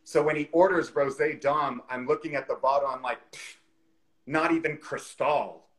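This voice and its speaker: A man's voice: on the high side, normal speed, fairly bright tone, rough recording. A man in his forties, the guest, telling a career story in a chatty way over a video call, with lots of "you know" fillers.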